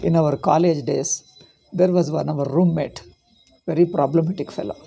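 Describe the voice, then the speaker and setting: A man teaching a spiritual philosophy class, rambling through anecdotes and rhetorical questions in an emphatic, animated way. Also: a little high, normal speed, vocal fry, slightly rough, faint music behind. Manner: animated and emphatic, often laughing at his own points. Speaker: Vedanta teacher. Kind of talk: lecture.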